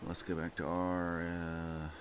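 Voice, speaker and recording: A man's voice: low-pitched, completely flat delivery, slow, music in the background. A man hosting a casual livestream, chatting loosely over stock charts and thinking aloud with restarts. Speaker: livestream host.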